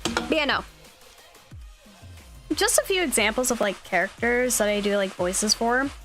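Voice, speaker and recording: A woman's voice: on the high side, big pitch swings, normal speed, over music. A young woman streamer chatting casually, upbeat and rambling with plenty of fillers. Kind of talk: casual chat.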